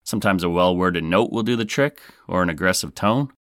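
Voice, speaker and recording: A man with a very low voice hosts a comedic true-crime podcast, trading in sarcasm and playful asides. His voice is close and dry, with no room sound around it. He keeps the jokes rolling as he narrates. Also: brisk, fairly bright tone, clean tone, no echo. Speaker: podcast host.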